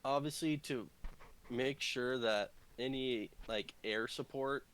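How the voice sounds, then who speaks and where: A man's voice: mid-range voice, takes it slowly, a bit bright, a little hiss or hum. A man playing a tabletop game, rambling and thinking aloud about his moves. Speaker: player. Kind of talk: casual tabletop game chat.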